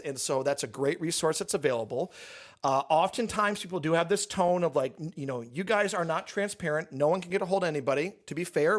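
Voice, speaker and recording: A man, a pastor, talking candidly and at length in a casual church question-and-answer session, with the odd dry joke. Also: on the high side. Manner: candid, joking, explains at length.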